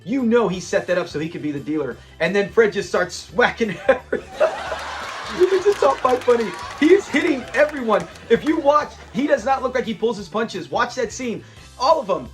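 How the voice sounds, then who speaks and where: A man casually recapping a classic sitcom episode, animated and laughing often as he retells scenes. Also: sits high, brisk, soft background music. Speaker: show reviewer.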